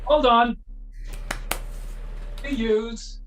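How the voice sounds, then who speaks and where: A middle-aged man, a guitar repair technician, telling lively anecdotes as an interview guest, acting out the voices of the people he quotes and often restarting his sentences. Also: very high-pitched, very slow. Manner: animated, acts out quoted voices, frequent restarts. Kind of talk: anecdotal storytelling in a conversation.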